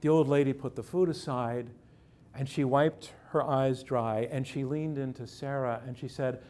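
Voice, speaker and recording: A man, a journalist, telling a true first-person story on stage with measured pacing, dramatic pauses and dry irony. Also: medium pitch, steady tone, darkish tone.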